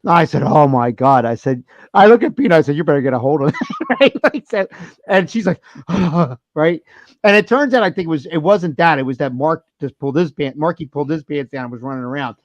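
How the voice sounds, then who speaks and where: Brief: male podcast host, high animated voice, dry close mic, profane storyteller. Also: a little fast, no echo, highs cut off. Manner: animated storyteller, swears a lot, laughs often. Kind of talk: casual banter.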